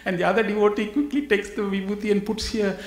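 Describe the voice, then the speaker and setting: Guy with a pretty high voice giving a lively spiritual talk, acts out the bits, roomy hall sound. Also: quick pace. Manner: animated, acts out dialogue, chuckles often. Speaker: guest speaker at a spiritual gathering. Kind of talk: spiritual talk with humorous anecdotes.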